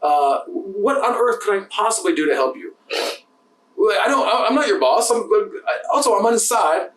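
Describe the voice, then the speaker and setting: A man co-hosting a podcast, telling bartending stories in a fast, profane, casual way. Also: high voice, lively intonation, a bit bright, far from the mic. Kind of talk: casual chat. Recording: roomy sound from off-mic.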